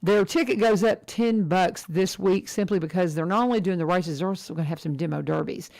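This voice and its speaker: A middle-aged woman hosting a casual radio chat, talking in a chatty, animated way and laughing often. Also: lowish voice, a little fast, gravelly. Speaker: radio host.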